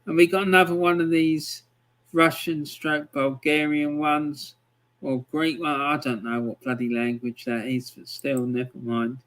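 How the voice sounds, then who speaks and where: Slow-talking man hosting a live stream. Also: on the high side, little pitch movement, fairly bright tone. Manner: chatty, rambling with frequent ums, reads out viewer messages. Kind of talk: casual live-stream chat.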